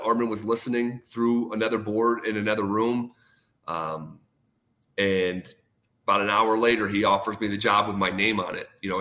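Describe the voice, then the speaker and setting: A man's voice: fairly low pitch, bright, forceful tone. A man in a casual interview, retelling a career story with lots of quoted dialogue, fillers and restarts. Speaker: sports radio host, guest.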